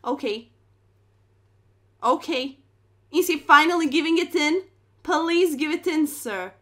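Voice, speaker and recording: A woman's voice: high voice, expressive, slow, pushed and bright. A young woman streaming chess, commentating her moves with playful slang and dramatic exclamations.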